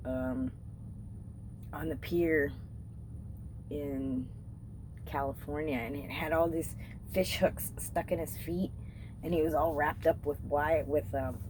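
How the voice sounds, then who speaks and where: A woman's voice: deep voice, fairly even intonation, slow pace, long pauses, background noise. A woman vlogger casually recounting a dream, rambling and swearing freely. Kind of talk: casual storytelling.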